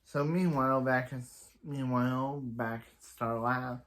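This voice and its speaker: A man's voice: medium pitch, steady tone, unhurried, a bit bright. Man rambling through a TV recap. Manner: rambling, frequent restarts and self-corrections; chuckles while recapping. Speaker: TV episode reviewer. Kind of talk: casual episode recap.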